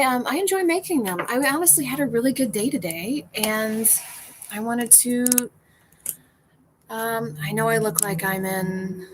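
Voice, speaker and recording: A woman's voice: on the high side, background noise. A woman hosting a casual livestream from her porch, chatting over a cocktail and reading out viewer comments in a rambling way, laughing often.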